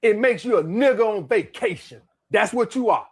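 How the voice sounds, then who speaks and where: A man's voice: high-pitched, expressive, moderate pace, husky. A man in a comedic rant, blunt and repetitive with profane scolding.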